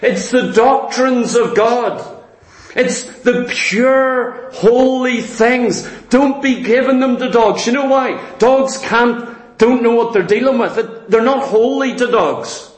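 High-voiced preacher with echoing rhetorical questions. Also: male voice, takes it slowly. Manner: emphatic, asks and answers his own rhetorical questions. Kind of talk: sermon.

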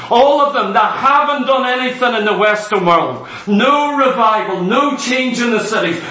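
Man preaching, really high bright voice, hammering points over and over, big echoey hall. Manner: impassioned, emphatic preaching with repetition. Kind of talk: sermon. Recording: echoey hall, speaker far from mic.

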